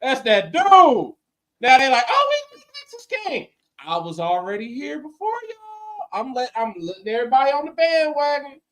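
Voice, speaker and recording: A man co-hosting a wrestling podcast, talking in animated, slangy banter and laughing often. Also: very high-pitched, normal speed, slight background noise. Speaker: podcast co-host. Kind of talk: casual wrestling chat.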